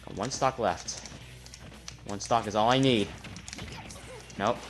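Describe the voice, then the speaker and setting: A man giving live gameplay commentary, trash-talking the opponent and muttering between loud outbursts. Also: lowish voice, slow pace, long pauses. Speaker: gamer. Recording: loud game music behind voice. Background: fighting game music and effects.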